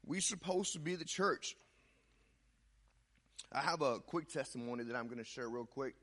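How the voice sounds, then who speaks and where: A young man preaching a sermon and sharing a personal testimony in a conversational way, repeating words and swinging from loud to hushed. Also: medium pitch, expressive, moderate pace.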